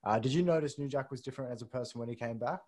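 A man's voice: medium pitch, racing, a little mellow. A male host casually asking a guest questions. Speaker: podcast host. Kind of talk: interview questions.

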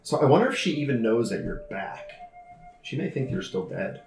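A man's voice: mid-range voice, big pitch swings, normal speed, gravelly. A man playing a tabletop game, speaking casually with hesitant stammers. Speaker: player. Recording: roomy room with music behind.

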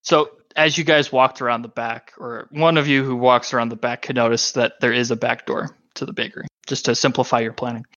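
Bright-voiced game master with a slightly dull sound. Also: male voice, mid-range voice, fairly even intonation, brisk, hardly any pauses, no echo. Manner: explaining rules plainly. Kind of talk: narrating a tabletop game.

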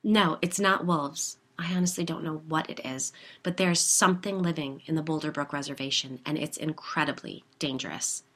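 An eager, excitable woman neighbor who hunts cryptids, put on by a woman reading aloud. She explains her gadgets in a rush, a touch higher and louder than the narration, with a bright, forceful edge. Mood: ominous. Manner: eager, conspiratorial, quick when explaining.

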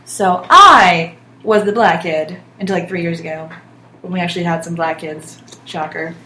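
A woman's voice: lowish voice, pushed and bright. Dry, teasing young woman co-host. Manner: dry, teasing, quick to laugh. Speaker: podcast co-host. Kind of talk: casual chat. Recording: echoey room with faint noise.

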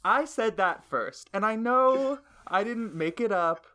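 Slangy young man, slightly high voice. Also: unhurried, slight background noise. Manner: joking, animated, slangy. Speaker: podcast co-host. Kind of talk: casual podcast chat.

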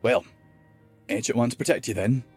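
A man's voice: mid-range voice, normal speed, husky, soft background music. A man doing a guilt-ridden dwarf warrior. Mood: earnest.

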